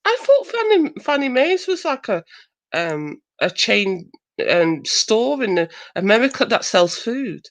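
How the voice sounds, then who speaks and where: A woman's voice: fairly high pitch, very animated, a little slow, no room sound. A woman in casual chat, curious and a little hesitant, asking many questions.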